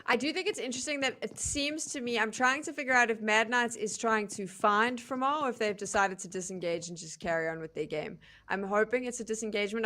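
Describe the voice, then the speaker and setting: A woman's voice: mid-range voice, a bit bright. A woman casting an esports match, mixing analysis with chatty, self-deprecating banter. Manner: chatty, self-deprecating, laughs at her own slips. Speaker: esports caster. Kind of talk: play-by-play and analysis commentary.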